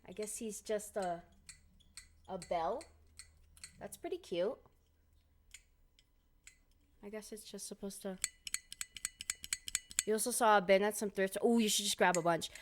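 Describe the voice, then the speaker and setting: At a medium pitch and measured pace, a woman speaks with long pauses over a faint hiss or hum. Chatting casually on a live stream, this game streamer rambles and swears while venting her exasperation.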